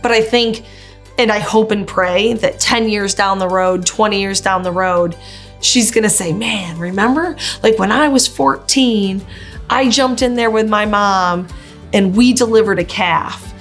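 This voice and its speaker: A woman's voice: mid-range voice, measured pace, soft background music. Woman, middle-aged, farmer, heartfelt storytelling, documentary interview. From upstate New York. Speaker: farmer and mother.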